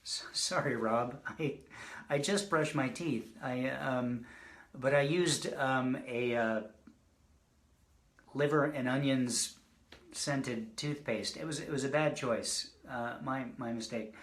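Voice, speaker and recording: Slow and fairly bright, a medium-pitched male voice echoes through an indoor room as a poet reads his work online in a relaxed way. He rambles between poems, joking and poking fun at himself.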